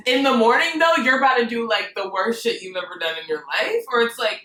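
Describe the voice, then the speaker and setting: A woman's voice: on the high side, lively intonation, brisk, bright, forceful tone, recorded from a distance. A woman co-hosting a podcast, chatting casually and expressively and acting out quotes. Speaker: podcast co-host. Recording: roomy echo, off-mic, faint ambience.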